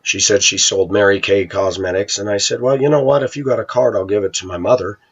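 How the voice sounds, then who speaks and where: A man's voice: fairly low pitch, fast talker, slightly rough, highs cut off. A middle-aged man with a blunt, ranting manner, talking casually to viewers in a vlog. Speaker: vlogger.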